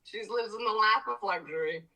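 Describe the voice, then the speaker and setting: A woman's voice: mid-range voice, fairly quick, pushed and bright, low-quality recording. A woman from Ireland, a musician guest in a casual interview, chatty, laughing often and swearing freely.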